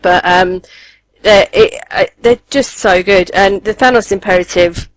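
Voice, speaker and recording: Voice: medium pitch, measured pace, rough recording. A podcast co-host, chatting casually and eagerly, with many ums and restarts. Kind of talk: casual chat reviewing comics.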